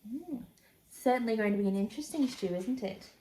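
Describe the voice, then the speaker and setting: A woman reading a children's picture book aloud, with expressive, chatty asides to young listeners. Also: fairly high pitch, brisk, reverberant, a little hiss or hum. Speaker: storybook reader.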